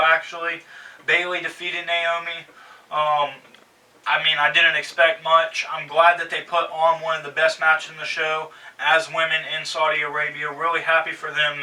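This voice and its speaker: A man's voice: on the high side, bright, forceful tone, distant mic, poor audio. A man hosting a wrestling review show, talking casually and growing exasperated as he rants. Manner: exasperated, ranting, sarcastic. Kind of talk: casual opinionated commentary.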